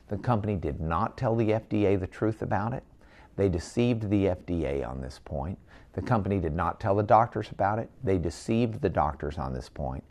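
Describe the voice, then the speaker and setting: Interviewer: low, gravelly male voice, lively and indignant. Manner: emphatic, indignant storytelling.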